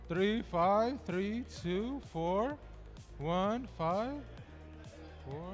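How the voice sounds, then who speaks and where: A man's voice: sits high, fairly bright tone. A man hosting a trivia game at a gaming event, bantering casually and jokingly with contestants in a large indoor venue. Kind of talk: live event emceeing.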